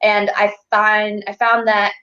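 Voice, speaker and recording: Speaking slowly with a completely flat delivery, a woman in a mid-range, bright, forceful voice appears as a guest in a casual interview. She's a financial advocate and life coach, candid and motivational, heard over dull lo-fi video call audio.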